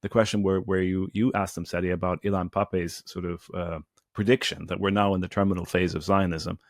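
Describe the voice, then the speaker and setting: Fast-talking deep-voiced man probing. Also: level tone, no room sound, studio quality. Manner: probing, questioning. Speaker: podcast co-host. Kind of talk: casual discussion.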